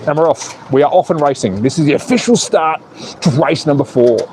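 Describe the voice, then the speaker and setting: A man hosting a live stream, calling slot car races with an excitable, playful manner and joking with the chat. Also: a little high, fairly quick, a little hiss or hum. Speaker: live stream host and race caller.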